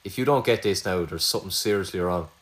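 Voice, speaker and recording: A man's voice: sits low, fast talker. A young Irish man running a casual quiz between friends, teasing and swearing freely. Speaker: quizmaster. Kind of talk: casual chat.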